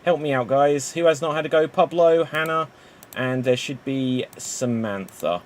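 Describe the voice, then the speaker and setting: A man hosting an online improv contest on a video call, brisk and chatty, filling pauses with "um". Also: medium pitch. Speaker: host.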